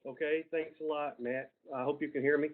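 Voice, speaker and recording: A man's voice: on the high side, steady tone, a little hiss or hum. Southern man on a tinny phone line. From Georgia, US. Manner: folksy, halting, many fillers and restarts. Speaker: webinar presenter. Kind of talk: presenting a webinar over slides.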